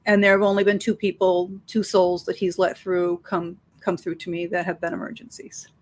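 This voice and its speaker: Animated woman telling stories in an interview. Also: lowish voice, normal speed. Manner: animated, acts out dialogue in her stories. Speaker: psychic medium guest. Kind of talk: conversational interview storytelling.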